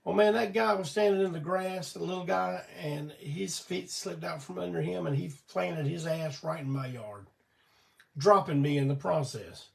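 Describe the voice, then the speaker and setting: Gravelly older man, weak voice. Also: fairly high pitch, normal speed, far from the mic. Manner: rambling, folksy, swears casually. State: weak voice from illness and cough syrup. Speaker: host of a weekly live show. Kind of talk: casual storytelling on a livestream.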